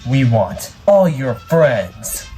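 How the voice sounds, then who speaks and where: A man's voice: mid-range voice, sing-song, mellow, faint music behind. A man voicing a smug, scheming villain in a homemade toy video. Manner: smug, menacing, drawn-out.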